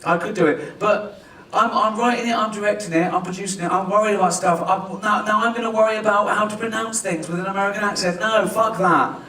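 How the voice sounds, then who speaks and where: A man's voice: high voice, steady tone, fast, hardly any pauses, sharp tone, a little hiss or hum. Self-mocking Englishman in a roomy hall. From England. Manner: jokey, self-mocking, laughs often. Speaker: writer-director and actor. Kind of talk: press conference chat. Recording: roomy hall, distant mic.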